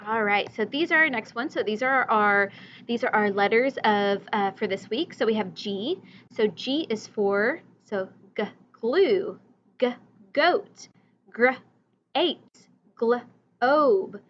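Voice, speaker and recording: A woman teacher giving a recorded reading lesson, slowly modeling vocabulary words and letter sounds for young children and their parents. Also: mid-range voice, a bit bright, highs cut off, slight background noise.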